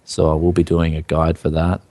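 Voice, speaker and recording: Deep-voiced laid-back man. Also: completely flat delivery, a little fast, warm tone. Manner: laid-back, lots of fillers and "yeah". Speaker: co-host of a tech news show. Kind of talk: casual tech podcast chat.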